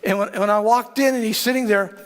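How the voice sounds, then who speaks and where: A man preaching and telling a personal testimony in a dramatic, animated way, often stammering and repeating words. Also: high-pitched, quick pace. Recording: long hall reverb.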